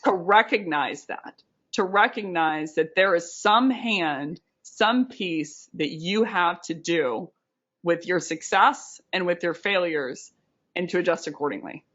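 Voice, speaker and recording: A woman's voice: fairly low pitch, takes it slowly, a bit bright, dull audio. A woman co-hosting a podcast, talking earnestly and reflectively, often restarting her phrases. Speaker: podcast co-host. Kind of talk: casual podcast monologue.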